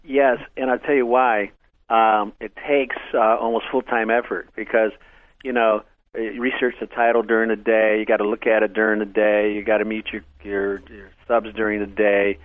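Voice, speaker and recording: An older man, a real estate investor, telling animated stories in casual chat, loud when quoting people. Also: fairly low pitch, normal speed, no room sound. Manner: animated anecdotes, voices quotes loudly. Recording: tinny phone-like radio broadcast.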